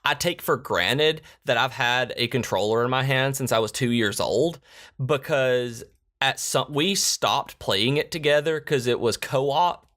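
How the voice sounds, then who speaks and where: A married man co-hosting a podcast in casual chat, telling stories with lively bursts. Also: mid-range voice, measured pace. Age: adult, married. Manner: animated storyteller, jumps to shouts when acting out quotes. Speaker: podcast co-host.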